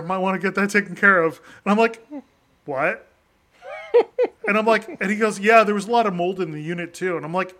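A man's voice: high-pitched, a little fast, pushed and bright. A man co-hosting a casual podcast, telling a rambling story full of restarts and laughter. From New England. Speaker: podcast co-host.

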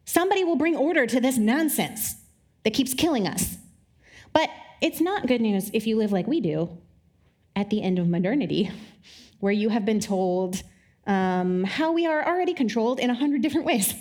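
A woman giving a conversational sermon to a live audience, wry and joking, with quick asides. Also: on the high side, expressive, a little mellow. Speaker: speaker. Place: live talk before an audience.

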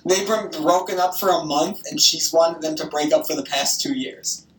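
A woman's voice: low voice, moderate pace. Young woman, swears constantly, gossipy and heated, mid-range voice in a roomy space away from the mic. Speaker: grandchild on the phone. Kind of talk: casual phone chat. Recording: roomy echo, distant from the mic.

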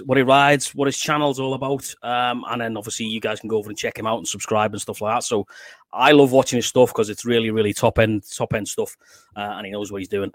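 A man's voice: mid-range voice, dry recording, clean studio sound. A man in his forties with a Liverpool accent hosts a casual live stream. He chats, swears freely and laughs often. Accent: Liverpool English. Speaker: podcast host.

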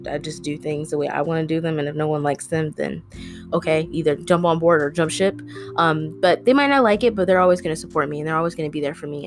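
A young woman vlogging, telling a personal story in a rambling, earnest way with lots of fillers. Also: fairly low pitch. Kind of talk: casual storytelling to camera. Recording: faint guitar music behind.

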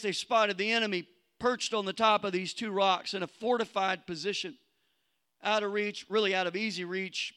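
A male pastor, preaching a sermon and telling a Bible story, building to loud exhortation. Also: high-pitched, clean tone.

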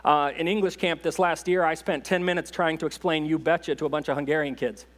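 A man speaks from a church pulpit as a visiting missionary. He talks in a folksy, halting way and pokes fun at himself. His voice sits slightly high. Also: steady tone, a bit bright. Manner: folksy, self-deprecating humor, halting restarts. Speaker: guest preacher, missionary. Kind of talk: sermon, casual storytelling. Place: church sanctuary.

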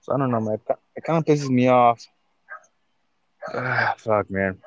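A man's voice: mid-range voice, moderate pace, no echo, highs cut off. A young man co-hosting a casual podcast, talking in slangy, profane banter and calling his friend "fool" and "bro". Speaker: podcast co-host. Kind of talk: casual chat.

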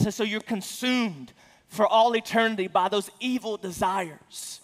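A man preaching a sermon as a pastor, speaking earnestly with frequent restarts and stammered repeats, and getting louder for emphasis. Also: unhurried, hardly any pauses, in a large hall. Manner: rises in pitch and volume for emphasis.

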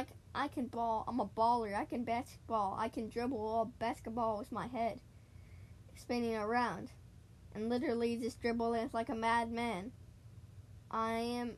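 A woman chatting casually while she plays a video game, excitable and talking straight to her listeners. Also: on the high side, a little hiss or hum. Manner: chatty and excitable, keeps addressing "guys". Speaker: gaming podcaster. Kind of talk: casual gaming commentary.

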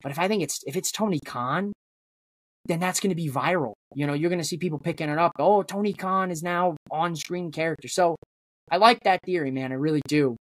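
A man's voice: on the high side, quick pace, dry recording. Rambling man on a dry podcast mic. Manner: rambling, theorizing with many restarts. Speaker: wrestling podcast host, guest. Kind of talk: casual podcast chat.

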